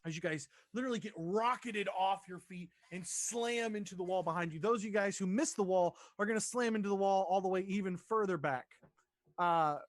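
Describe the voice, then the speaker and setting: A man narrating as dungeon master in a tabletop game, describing scenes haltingly with many fillers. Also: high voice, dry recording.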